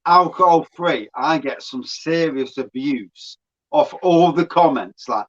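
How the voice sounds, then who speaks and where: A man's voice: fairly high pitch, slow pace, a bit bright, lo-fi sound. A man from Nottingham with a local English accent, a guest in a casual stream chat, swearing and laughing. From Nottingham, England.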